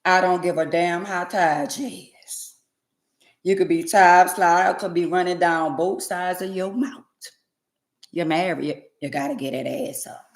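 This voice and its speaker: A woman, talking straight to her livestream audience. She preaches in a sassy, blunt way and swings from loud to hushed. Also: lowish voice, a little slow. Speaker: livestream host. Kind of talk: casual livestream rant to viewers.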